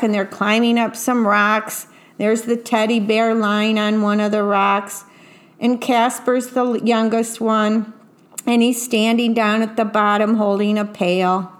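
A woman reading a picture book aloud, gently pointing out what is in the pictures as she goes. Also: a little high. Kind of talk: read-aloud storytelling with picture commentary.

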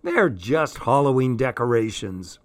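A man's voice: medium pitch, sing-song, unhurried. A man voicing a bored young girl who wants a scare, reading a storybook aloud. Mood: earnest.

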